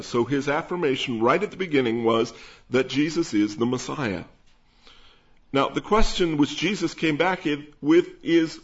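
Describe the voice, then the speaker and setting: A man preaching, teaching verse by verse through a Bible passage at an unhurried pace. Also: medium pitch. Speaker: pastor. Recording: dull lo-fi sound.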